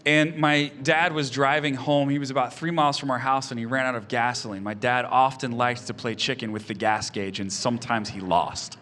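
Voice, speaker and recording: A man in his thirties, a pastor giving an earnest sermon, often soft-spoken and picking up speed when telling stories. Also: mid-range voice, steady tone, normal speed, hardly any pauses. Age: 30s.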